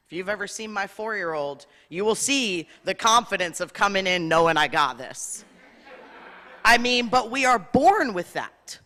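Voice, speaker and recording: A woman's voice: sits low, fairly bright tone. A woman rabbi giving an impassioned sermon, building long rhythmic lists with rising emphasis and telling personal stories. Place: large spiritual center hall. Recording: long hall reverb.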